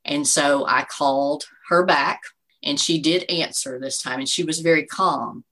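A woman in her forties speaks in a deep register, yet her tone stays bright and forceful. She tells her story as an interview guest, earnest and faith-filled, with many "you know"s. Her manner is heartfelt personal testimony. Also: steady tone, a little slow, low-quality recording. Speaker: guest, bereaved mother.

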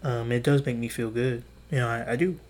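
A man's voice: medium pitch, steady tone, brisk, darkish tone. A young man in his twenties hosting a podcast, telling rambling, profane stories in casual chat. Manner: rambling, profane, restarts and acts out quotes. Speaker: podcast host. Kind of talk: casual storytelling monologue.

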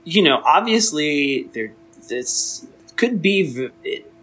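A man's voice: on the high side, big pitch swings, slow, fairly bright tone, husky, poor audio. A man in casual chat about a film, laughing often and stumbling over restarts as he talks. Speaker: podcast guest.

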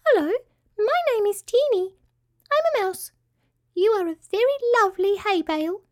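A woman voicing a tiny, friendly female mouse in a storybook reading, with a squeaky, high-pitched, polite and eager voice. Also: big pitch swings, moderate pace, no room sound, studio quality. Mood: sweet, eager.

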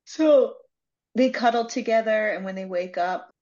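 A woman's voice: medium pitch, unhurried, mellow, muffled recording. A young woman co-hosting a casual book club podcast, retelling a romance plot loosely and swearing freely. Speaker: podcast co-host.

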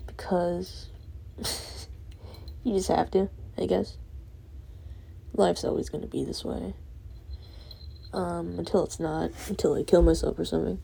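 A drowsy young woman ranting late at night, rambling and swearing with soft laughs breaking in. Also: lowish voice, steady tone, a little slow, gravelly, pauses often, breathy edge. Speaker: vlogger.

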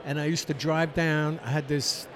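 A man's voice: fairly high pitch, flat delivery, moderate pace, a bit bright. A man in his seventies, semi-retired, reminiscing wryly in casual conversation. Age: 70s. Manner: reminiscing, wry. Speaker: semi-retired business owner. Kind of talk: casual storytelling chat. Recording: outdoor crowd chatter behind.

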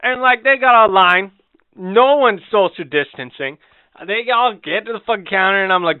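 A man's voice: sits high, expressive, a little fast, smooth, no room sound. A man telling a heated, profane story in casual podcast chat. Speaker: podcast co-host. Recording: tinny phone-like sound.

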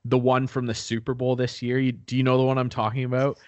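A young man co-hosting a casual podcast, rambling through stories and acting out quotes in high squeaky voices. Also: fast, no echo, muffled recording. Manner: rambling, animated storyteller who acts out quotes in high voices. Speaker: podcast co-host. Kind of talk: casual chat. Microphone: new podcast microphone.

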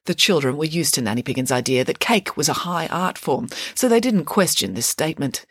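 A woman narrating a children's audiobook in a lively, expressive way. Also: deep voice, fairly quick, hardly any pauses, slightly rough, no echo, clean studio sound.

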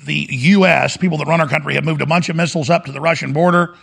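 A man's voice: fairly high pitch, steady tone, quick pace, fairly bright tone. A man hosting a talk show, delivering an urgent, fiery monologue full of repetition. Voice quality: gravelly. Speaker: radio talk host. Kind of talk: impassioned monologue.

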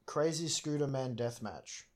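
A young man co-hosting a podcast, telling stories in casual chat with lively, sweary delivery. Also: mid-range voice, a little slow. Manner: animated storytelling with swearing. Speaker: podcast co-host.

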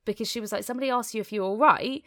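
A young woman co-hosting a casual podcast chat, a self-mocking, animated storyteller who swears freely. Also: fairly high pitch, very fast. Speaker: podcast co-host.

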